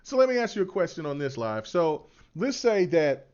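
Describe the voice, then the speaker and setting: A man's voice: a little high, big pitch swings, moderate pace, a little mellow, clean tone. A man co-hosting a gaming podcast, asking long questions with many restarts. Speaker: podcast co-host. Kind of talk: casual gaming podcast chat. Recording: dull lo-fi audio.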